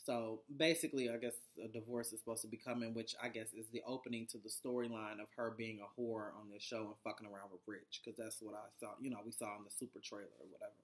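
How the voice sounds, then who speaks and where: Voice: mid-range voice, little pitch movement, quick pace, hardly any pauses. A vlogger recapping a reality TV episode in a casual, profane and sarcastic way, rambling with lots of fillers and restarts.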